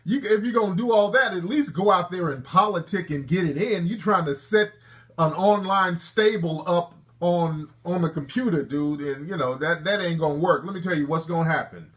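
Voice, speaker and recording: Brash call-in show host, man, aave slang, kinda high voice, teasing the callers. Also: moderate pace, fairly bright tone. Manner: brash, joking, street slang, lecturing callers. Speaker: show host taking calls. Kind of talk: call-in talk show banter.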